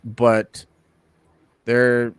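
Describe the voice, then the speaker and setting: A man's voice: mid-range voice, monotone, drawn-out words. A man hosting a casual podcast, reading news items with lots of filler words. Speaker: podcast host.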